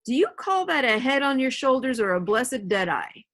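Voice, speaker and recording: A woman reading aloud, voicing a hearty, blustering one-legged pirate innkeeper who talks gruffly and bossily. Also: a little high, animated, a little slow, a bit bright. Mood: stern.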